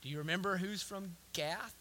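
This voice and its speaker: Emphatic young male pastor, bright tenor. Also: high voice, moderate pace, slight background noise. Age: young adult. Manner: swings from hushed to loud, emphatic preaching; repeats phrases with restarts. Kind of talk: sermon.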